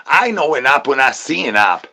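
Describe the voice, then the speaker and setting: A man's voice: mid-range voice, sing-song, normal speed, creaky, sharp tone. A man livestreaming, rambling nonsense to his chat in a sing-song patter, repeating rhyming filler syllables and catchphrases.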